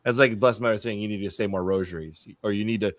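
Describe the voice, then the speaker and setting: A man hosting a podcast who talks casually and relaxed, filling his sentences with "like.". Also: lowish voice, quick pace, no room sound, clean studio sound. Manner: relaxed, peppers speech with "like". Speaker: podcast host. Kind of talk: casual conversation.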